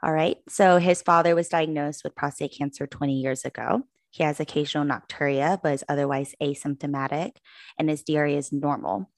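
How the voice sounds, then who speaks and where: A woman with a very low voice co-hosts a podcast on a close, dry mic. She presents exam cases in a clear, measured way. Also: steady tone, no room sound. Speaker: podcast co-host.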